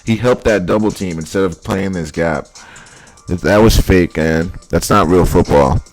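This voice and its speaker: A man breaking down football highlights in casual commentary, blunt and exasperated, repeating his points. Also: moderate pace, no echo, soft background music. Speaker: football film analyst.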